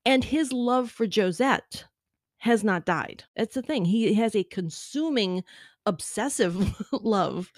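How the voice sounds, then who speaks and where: A woman's voice: mid-range voice, lively intonation, slow pace, no echo, studio quality. A married woman co-hosting a casual chat about a TV show, chatty and often laughing as she retells scenes. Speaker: podcast co-host.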